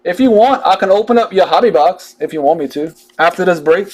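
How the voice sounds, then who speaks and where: Chatty high-voiced man. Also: lively intonation, brisk, darkish tone. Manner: chatty, drawling, jokey asides while reading out cards. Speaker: card breaker. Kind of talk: casual live card-break chat.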